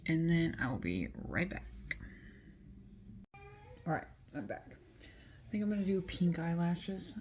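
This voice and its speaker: Casting: a woman vlogger, relaxed and chatty, slow delivery, slightly low pitch. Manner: chatty, lots of fillers and asides. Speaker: beauty vlogger. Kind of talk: casual storytelling while doing makeup.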